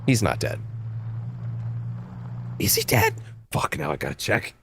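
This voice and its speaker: Rambling, animated gaming streamer guy. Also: lowish voice, unhurried, gravelly, husky, dry recording. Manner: rambling, self-interrupting, swears freely. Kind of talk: casual let's-play commentary.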